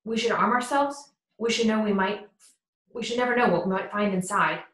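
A woman's voice: mid-range voice, moderate pace, natural voice. Brief: woman voicing a stern, questioning male lawyer, storybook, echoey. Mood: grave. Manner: questioning, rather sharp. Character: skeptical, sharp middle-aged male lawyer. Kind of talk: audiobook character voice. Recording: roomy echo.

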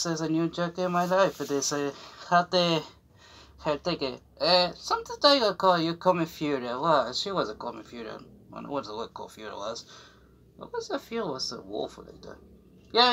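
A young man vlogging in halting, broken English as he shows off a new jacket, rambling with fillers, restarts and giggles. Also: a little high, pushed and bright, slight background noise. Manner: non-native English with broken grammar. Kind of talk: casual unboxing chat to camera.

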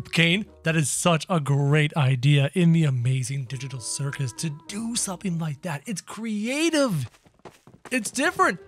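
A man giving playful, excitable let's-play commentary while talking to his viewers. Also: fairly high pitch. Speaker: gameplay video creator.

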